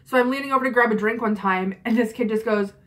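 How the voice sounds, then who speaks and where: Talking fast in a voice on the high side, a young vlogger in her twenties recounts a story casually. She's frank and chatty, swearing often and using lots of fillers.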